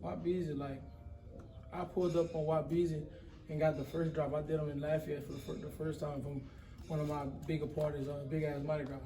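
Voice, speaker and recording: A slangy young event promoter, a guest in a casual interview, tells wild stories with lots of animation and says "bro" often. His voice is fairly high and brisk, with a roomy sound.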